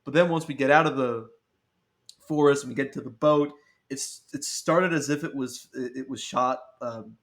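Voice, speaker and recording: A man's voice: mid-range voice, normal speed. A man in casual podcast chat, blunt and sweary, laughing often and stacking fillers as he reviews a film. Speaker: podcast guest film critic.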